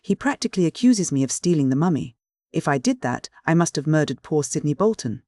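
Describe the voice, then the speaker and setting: A narrator voicing a stout, theatrical middle-aged widow whose voice turns shrill and hard with anger. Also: big pitch swings, brisk, warm tone, no room sound, clean studio sound, close to an everyday voice. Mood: indignant.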